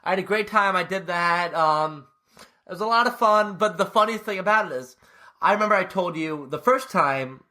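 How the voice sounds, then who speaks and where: High, bright-voiced young man chatting. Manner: fast, animated storytelling. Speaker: podcast co-host. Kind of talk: casual chat.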